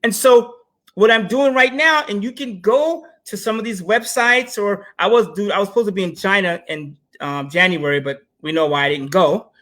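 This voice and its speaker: A man co-hosting a casual panel talk, animated and addressing viewers directly as he tells stories. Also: high voice, normal speed. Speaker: co-host.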